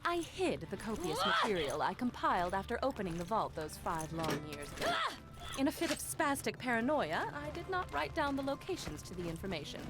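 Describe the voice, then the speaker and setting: A woman's voice: fairly high pitch, huge pitch swings, a little fast, over music. A woman voicing an eccentric, paranoid female scientist in a video game, talking dry and clipped. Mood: deadpan.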